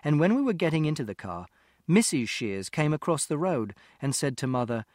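A man narrating an audiobook in the first person, in a plain, literal, steady way with many exact details. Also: on the high side, fairly quick, dry recording, studio quality.

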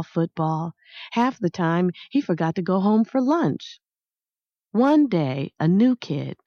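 A woman reads a story aloud slowly and deliberately, with a lyrical lilt. Her voice sits a little low, and the recording is dry and slightly dull, with no room sound. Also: warm tone, dry recording. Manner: slow, measured, lyrical reading. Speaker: audiobook narrator. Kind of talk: scripted narration.

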